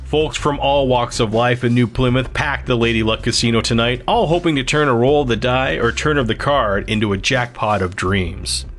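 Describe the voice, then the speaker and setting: A man narrating a novel in a steady, even storytelling manner. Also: medium pitch, normal speed, few pauses, faint music behind. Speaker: audiobook narrator. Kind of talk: scripted narration.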